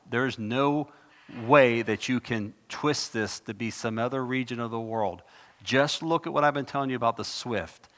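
A man preaching on scripture, reading verses with rising passion and breaking into conversational asides. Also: fairly low pitch. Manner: impassioned, rising loud when reading scripture. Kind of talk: Bible teaching sermon. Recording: long hall reverb.

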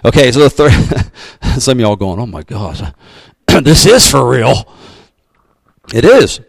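Folksy preacher, dry sound. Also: male voice, medium pitch, very animated, measured pace, gravelly, breathy edge, dry recording, low-quality recording. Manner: folksy, emphatic preaching with colloquial asides. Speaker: pastor. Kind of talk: sermon.

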